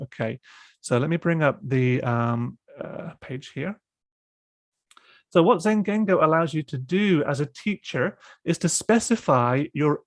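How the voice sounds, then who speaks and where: A man's voice: fairly high pitch, no echo. Guy demoing an app on a video call, keeps restarting his sentences, uh um a lot, dead dry audio. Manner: halting, explanatory, many fillers and restarts. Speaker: presenter demonstrating software. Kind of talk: online panel discussion.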